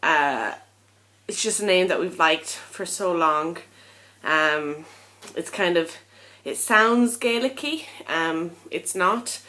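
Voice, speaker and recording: A woman's voice: lowish voice, animated, slow, sharp tone. A young woman chatting casually to camera in a vlog, tired and a little out of breath, rambling and frank with lots of ums. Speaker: vlogger.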